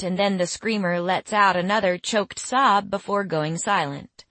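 A young woman narrating a first-person story in a measured, quietly bemused way, in a studio. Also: mid-range voice, fairly even intonation, no room sound. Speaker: audiobook narrator.

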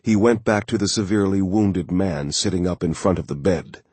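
A man narrating a thriller audiobook in a steady, measured way. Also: sits low, breathy edge, no room sound.

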